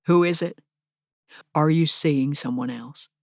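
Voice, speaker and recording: A woman's voice: sits low, a little slow, dry recording, studio quality, pitched below the performer's own voice. A woman voicing an angry, hurt young man whose fiancée is leaving him, bitter and accusing.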